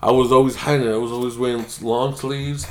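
A man's voice: mid-range voice, steady tone, fast, a loud crowd. Young man rambling through a story, laughing. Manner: laughs often, loose and rambling. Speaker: podcast co-host. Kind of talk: casual storytelling.

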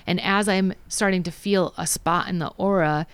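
The guest, a psychic and Reiki practitioner, has a smooth, steady voice on the low side and talks at a moderate pace on a dry recording. She chats casually about her healing practice during the interview, pausing her stories to voice what others said.

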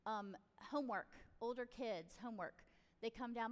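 Middle-aged lady chatting parenting tips, kinda high voice, room with a long echo. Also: moderate pace. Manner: chatty, direct, acts out parent and child lines. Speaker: parenting podcast host. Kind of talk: casual advice talk.

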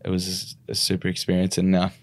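A young man, a rugby league player and coach, chatting casually in an interview with a relaxed, rambling manner full of restarts. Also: deep voice, brisk, no room sound. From Australia.

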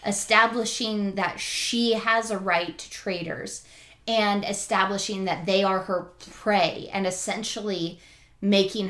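A woman's voice: mid-range voice, fairly bright tone. A woman co-hosting a casual podcast, talking through a book thoughtfully and analytically, with frequent ums. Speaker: podcast co-host.

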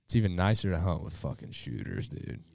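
Man, podcast host, low-pitched, animated storyteller, dry close sound. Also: a little fast, creaky, dry recording. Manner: animated, swearing, acts out voices in stories. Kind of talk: casual chat, storytelling. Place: hunting lodge, drinking beers.

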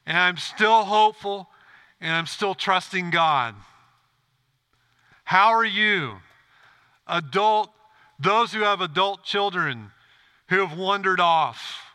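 A man's voice: high-pitched, slow, long pauses, pushed and bright, smooth. A man pastor preaching a sermon in a church, earnest and direct, often asking the congregation questions.

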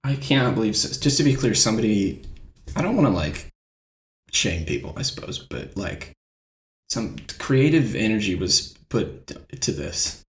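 A man's voice: on the low side, big pitch swings, normal speed. A man bantering on a live comedy stream, incredulous and exclaiming. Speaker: reader and player on a comedy show. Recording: roomy echo.

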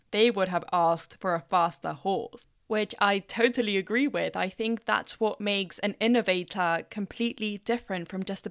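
Smooth-voiced blunt woman vlogger. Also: mid-range voice, a bit bright, dry recording, clean studio sound. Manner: blunt, opinionated. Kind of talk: opinion commentary.

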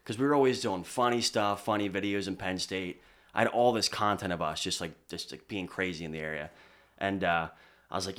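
Young man telling stories in a low voice. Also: fairly quick. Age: young adult. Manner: relaxed storyteller, many fillers like "like". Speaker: podcast guest, DJ. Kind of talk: casual interview chat. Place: podcast studio.

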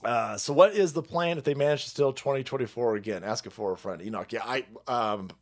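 A man's voice: medium pitch, a little fast. A middle-aged man hosting a livestream, ranting in a profane, rambling and mocking way and thanking viewers for donations. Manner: foul-mouthed, rambling, mocking; reads donor messages aloud. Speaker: livestream host. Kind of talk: profane political rant and chat reading.

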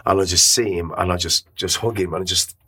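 A man's voice: deep voice, steady tone, a little fast, bright, forceful tone, breathy edge. A middle-aged man, a podcast guest, telling an emotional story in a rambling way, with many restarts and casual swearing. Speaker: interview guest.

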